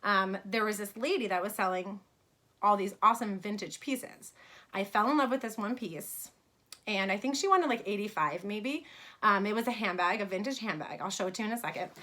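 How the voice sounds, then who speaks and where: A woman's voice: mid-range voice, fairly quick, pushed and bright. A woman in her thirties from New York, telling a personal story in a casual vlog about her fashion brand, chatty with many fillers.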